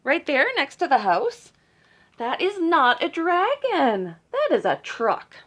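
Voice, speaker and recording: A woman librarian reading a picture book aloud to children, playful and teasing, with dramatic gasps and hushed asides. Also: high voice, big pitch swings, slow.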